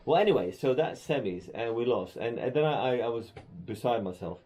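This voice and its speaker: A man, co-hosting a casual podcast in a relaxed, rambling way. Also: medium pitch, a little fast. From Netherlands. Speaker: podcast co-host. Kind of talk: casual chat.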